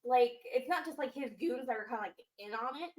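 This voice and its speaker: A woman's voice: on the high side, brisk, echoey room, low-quality recording. A woman co-hosting a casual wrestling recap, retelling a segment with a lot of emotion and plenty of fillers. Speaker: podcast co-host.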